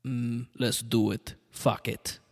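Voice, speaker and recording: A man doing an impression of a blunt Austrian bodybuilder turned actor, with a put-on Austrian accent and slow, heavy, clipped phrases. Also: medium pitch, little pitch movement, gravelly, big-room sound. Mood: deadpan.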